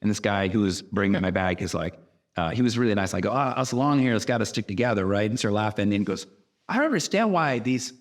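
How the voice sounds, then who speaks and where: A man's voice: on the low side, fast talker. A man hosting a show while cutting his guest's hair, telling rambling stories and acting out what people said. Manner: animated storytelling, rambling, acts out quotes. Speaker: host and hairstylist. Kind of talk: casual chat.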